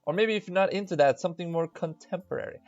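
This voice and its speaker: A man's voice: high-pitched, fast talker, darkish tone, no echo, muffled recording, voice pushed up, lightly acted. A man voicing a cheerful, chatty young girl from a music club who talks in an eager, friendly rush.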